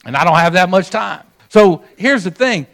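A man's voice: high-pitched, expressive, normal speed, creaky, a bit bright. A middle-aged man, preaching a sermon as a pastor and telling a story in a folksy way straight to his congregation.

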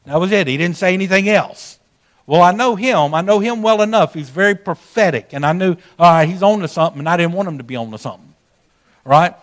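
Pastor guy telling a story in his sermon, fairly high voice, chatty, talks right to the folks in the pews. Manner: folksy storytelling, addresses the congregation directly.

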